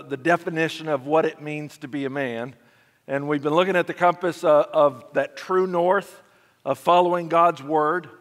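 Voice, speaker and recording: A male pastor teaches a men's session in a conversational storytelling manner with frequent restarts. His voice sits a little high, and a long hall reverb trails behind it. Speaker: pastor leading a men's study. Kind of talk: sermon-style teaching. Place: church.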